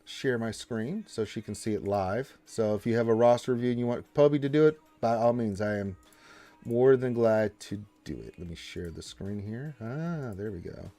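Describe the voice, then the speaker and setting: A man hosting a casual gaming livestream from home on a close desk mic, chatty and excitable, talking to himself as he plays. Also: lowish voice, normal speed. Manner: excitable, chatty, talks to himself while playing. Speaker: livestream host.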